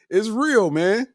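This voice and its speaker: Lively slangy man hosting a comedy podcast. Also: high voice, no room sound, studio quality. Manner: animated, slangy, laughs often. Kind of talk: casual comedic monologue.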